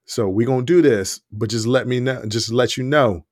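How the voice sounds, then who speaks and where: A man's voice: mid-range voice, normal speed, dry recording. A man co-hosting a podcast in a studio, telling casual, profane, laughing stories about his personal-training clients. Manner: profane, animated, laughing storyteller. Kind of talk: casual chat. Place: studio under hot lights.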